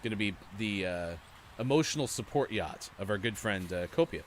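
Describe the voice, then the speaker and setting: A man's voice: on the low side, lively intonation, moderate pace, a little hiss or hum. A man hosting a morning gaming stream, chatting casually and rambling with many fillers while he plays. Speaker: show host.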